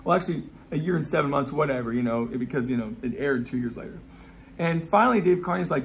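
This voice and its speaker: Casting: a quick, gravelly-voiced man in his forties, a skate shop owner spinning rambling, profane anecdotes. Faint room hum behind him. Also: medium pitch. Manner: rapid, profane, rambling anecdotes with many asides. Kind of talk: casual storytelling.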